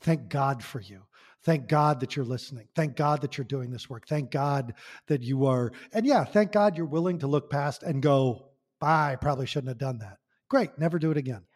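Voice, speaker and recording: A man's voice: mid-range voice, moderate pace, darkish tone, long reverb tail. A man talking as a podcast guest, passionate and emphatic, asking rhetorical questions. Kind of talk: conversational podcast talk.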